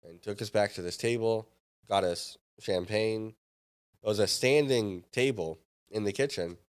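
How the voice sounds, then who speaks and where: A man's voice: lowish voice, measured pace, clean tone. A man in his thirties, a podcast guest, telling a story casually and acting out the dialogue.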